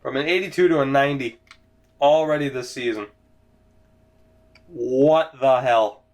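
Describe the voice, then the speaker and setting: A man's voice: mid-range voice, a little slow, a little mellow. Sleepy, rambling gaming commentator man. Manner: rambling, swears casually. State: sleepy, yawning. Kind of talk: casual let's-play commentary. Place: home gaming setup, in a chair.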